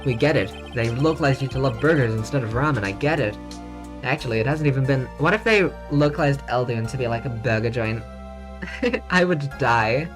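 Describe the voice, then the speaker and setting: Over music, a streamer with a mid-range voice playfully chats through a courtroom game, reading lines out loud and cracking jokes at a moderate, animated pace, laughing at their own humor.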